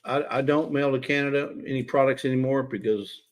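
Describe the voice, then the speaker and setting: Male host, casual livestream chatter, teasing and talkative, mid-pitched voice. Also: steady tone, brisk. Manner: chatty, teasing, talks straight to chat viewers.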